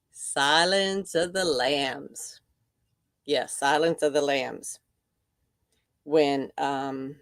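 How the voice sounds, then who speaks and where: A woman's voice: low voice, no room sound, clean studio sound. An older woman hosting a livestream, chatting casually and reacting to viewer comments. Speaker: livestream host. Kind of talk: casual chat.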